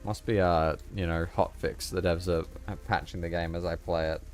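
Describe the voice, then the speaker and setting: A man's voice: sits low, fairly even intonation, normal speed, faint music behind. A man with a subtle Australian accent chatting and joking with viewers as he plays a game live. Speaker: gaming streamer. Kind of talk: casual live gameplay commentary.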